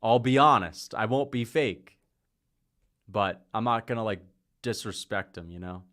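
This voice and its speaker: A man hosting a casual livestream, chatting and calling fights, rambling from topic to topic, laughing often and getting excited at big moments. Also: on the low side, measured pace. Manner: rambling, jumps between topics; laughs often mid-sentence. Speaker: livestream host.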